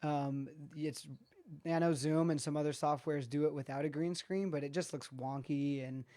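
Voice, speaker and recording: A guest speaker calmly explaining practical studio gear in a casual video call chat. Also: mid-range voice, normal speed. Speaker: guest expert. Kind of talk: casual tech advice chat.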